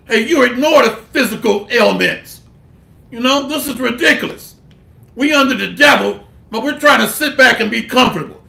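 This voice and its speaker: A man preaches slowly in a very high, gravelly voice with a forceful edge, reading scripture and mixing it with blunt slang and cursing. The room around him is echoey. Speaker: bible teacher. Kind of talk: street-style sermon with scripture reading.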